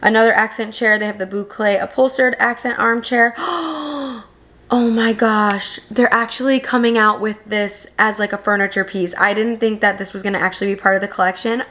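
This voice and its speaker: A woman's voice: medium pitch, steady tone, fairly quick, hardly any pauses, pushed and bright. A young woman vlogger gushing over home decor pieces in a voice-over review, enthusiastic and chatty. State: new mother.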